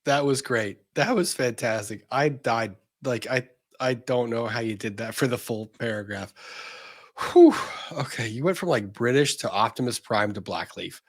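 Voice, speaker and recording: A man's voice: medium pitch, moderate pace. A male host giving a comedic dramatic reading of a legal document in a mock newscaster tone, breaking off for sarcastic asides.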